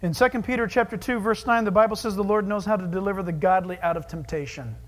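A man preaching a sermon in an animated, joking way, moving between hushed asides and loud exclamations. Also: high-pitched, quick pace, long reverb tail.

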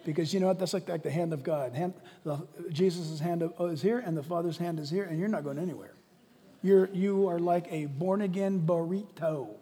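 A man preaching a sermon as pastor, swinging from shouting to hushed, quiet lines. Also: on the high side, a little fast. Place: church sanctuary. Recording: long reverb of a large hall.

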